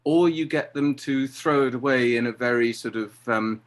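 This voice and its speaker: Animated middle-aged man, theatre director. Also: mid-range voice, normal speed. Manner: animated, acts out quoted exchanges. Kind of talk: conversational interview.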